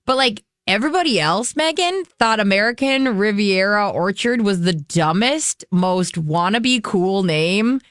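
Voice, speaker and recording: A woman from Minnesota co-hosts a casual entertainment gossip show, tossing in quick questions and blunt opinions. Her pitch moves a great deal while she talks. The sound is dry and close. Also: lively intonation, a bit bright, dry recording. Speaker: radio show co-host.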